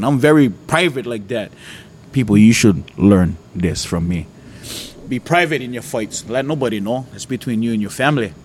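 A man's voice: medium pitch, slight background noise. Earnest man. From Hawaii. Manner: earnest, conversational storytelling. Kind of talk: personal faith testimony.

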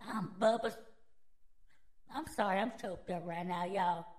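A woman voicing a gun-loving, conspiracy-ranting redneck man with a drawl, swearing and shouting in bursts. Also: medium pitch, unhurried, lightly acted. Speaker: comedy character. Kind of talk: comedic character rant.

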